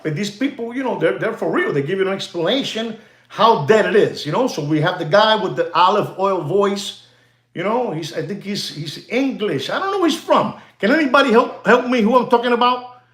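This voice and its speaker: A man chats casually to livestream viewers, rambling and repeating himself. His voice sits high and swings widely in pitch. The sound is roomy and echoey. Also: animated, fairly quick, a bit bright. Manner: rambling, repetitive, laughs often. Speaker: watch dealer hosting a livestream.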